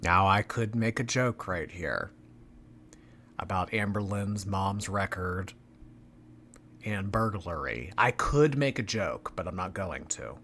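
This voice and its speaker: A male commentary host speaks slowly and deliberately, dropping sarcastic, mocking remarks as he reacts to a vlog. A faint background hiss sits under his voice. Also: deep voice, expressive, a bit bright. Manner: dry, mocking asides.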